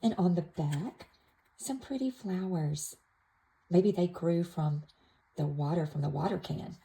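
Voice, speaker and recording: A woman gently showing an activity book to toddlers, naming pictures in a soft, sing-song way. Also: lowish voice, unhurried, creaky, low-quality recording. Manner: soft, sing-song, with playful animal sounds. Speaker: toddler class teacher. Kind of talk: slow, gentle show-and-tell for toddlers.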